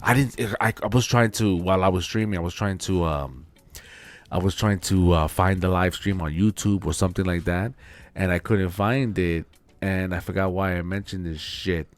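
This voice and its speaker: A man's voice: low voice, normal speed. A man co-hosting a podcast in loose, joking casual chat, laughing often. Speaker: podcast co-host.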